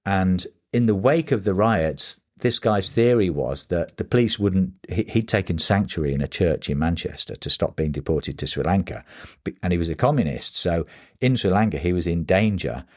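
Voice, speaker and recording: A playwright in his sixties, a guest in an interview, tells rambling anecdotes casually, restarting as he goes and voicing quotes. His deep voice is expressive, at a moderate pace with few pauses.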